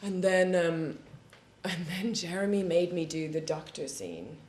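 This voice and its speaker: A woman with a fairly low, slightly mellow voice speaks at a measured pace and with plenty of expression. She's a guest on a live studio panel in front of an audience, laughing often as she tells frank, profane stories. The recording has a roomy echo and a faint hiss underneath.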